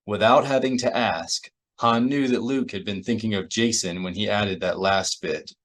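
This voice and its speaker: Low-voiced man reading a novel. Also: normal speed, fairly bright tone. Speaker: audiobook reader. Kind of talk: audiobook narration.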